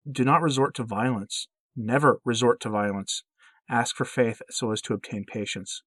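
A man reading as a gentle motherly heavenly lady. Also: mid-range voice, moderate pace, no room sound, lightly acted. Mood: gently pleading.

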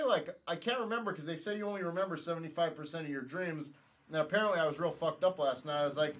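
Animated high-voiced man telling a story. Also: fast talker. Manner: animated, stumbling repeats, acts out quoted lines. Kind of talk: casual storytelling.

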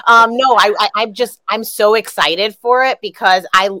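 A woman's voice: mid-range voice, normal speed, bright, forceful tone, no room sound. A woman hosting an interview, gushing and eager as she asks fan questions. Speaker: podcast host. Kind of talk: casual interview chat.

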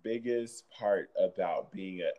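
A man hosting a podcast, relaxed and affirming, asking questions in casual chat. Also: low-pitched, takes it slowly, dull audio. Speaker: podcast host.

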